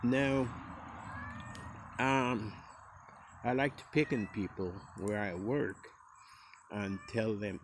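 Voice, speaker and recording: Slow, gravelly man with a Costa Rican Creole accent. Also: lowish voice, fairly even intonation, slight background noise. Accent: Costa Rican Caribbean Creole English. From Costa Rica. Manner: rambling and easygoing, with many fillers. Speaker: speaker sending a recorded message to a friend. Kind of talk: casual recorded monologue.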